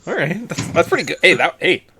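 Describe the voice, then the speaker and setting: Canadian guy cohosting a sports podcast, kinda high voice, bounces all over, jokey rambly chat. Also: brisk, a little hiss or hum. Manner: joking, rambling, animated delivery. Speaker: podcast co-host.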